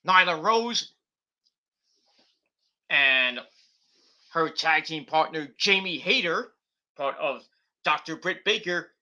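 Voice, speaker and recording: Man reviewer, high voice, very bright tone, casual rambling monologue. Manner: rambling, with many fillers and restarts. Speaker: wrestling show reviewer.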